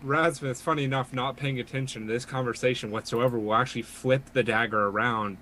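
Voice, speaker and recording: A man's voice: mid-range voice, steady tone, fairly quick, pushed and bright, a little hiss or hum, rough recording. A man narrating his character's actions and speaking in character during a tabletop role-playing game. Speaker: tabletop player.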